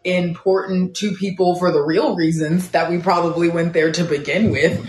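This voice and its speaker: Low-voiced woman musing in an echoey room. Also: fairly even intonation, normal speed, a little mellow, slight background noise. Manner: rambling, full of "like" fillers, wry. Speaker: panelist. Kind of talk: casual political discussion.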